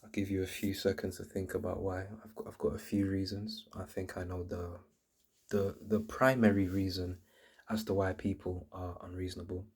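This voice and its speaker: A man's voice: sits low, flat delivery, moderate pace, a little mellow, slightly rough. A man hosting his channel, explaining in a casual, earnest monologue full of restarts and repeated words. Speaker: channel host.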